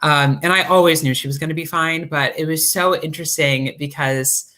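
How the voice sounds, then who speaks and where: A man's voice: fairly high pitch, moderate pace. A man, a cast member, earnestly recalling rehearsals in a casual group chat. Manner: earnest, quotes others in animated voices.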